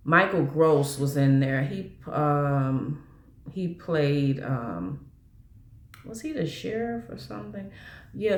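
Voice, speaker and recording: A woman's voice: low voice, echoey room. A woman chatting casually about movies, rambling along with frequent restarts and fillers. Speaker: movie vlogger.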